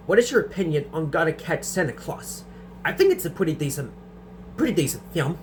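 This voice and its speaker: A man's voice: a little high, a little hiss or hum. Young man stuttering through viewer questions. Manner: stutters and restarts sentences often. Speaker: host answering viewer questions. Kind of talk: casual Q&A vlog.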